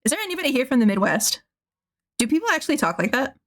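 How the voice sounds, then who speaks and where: A woman's voice: sits high, very animated, fast talker, fairly bright tone. Rambling, laughing female streamer. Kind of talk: casual chat while drawing.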